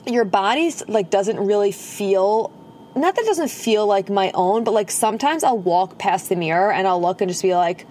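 A woman's voice: mid-range voice, moderate pace, a little mellow. A woman hosting a casual podcast from her car, talking in a bubbly, chatty way into a propped-up phone. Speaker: podcast host and holistic nutritionist. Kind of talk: casual chat. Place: inside a parked car at night.

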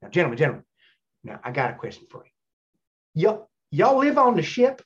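A man's voice: fairly high pitch, huge pitch swings, normal speed, dull audio. A man putting on a drawling Southern gent. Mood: puzzled. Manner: drawling, insistent questioning. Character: bewildered older Southern man passenger.

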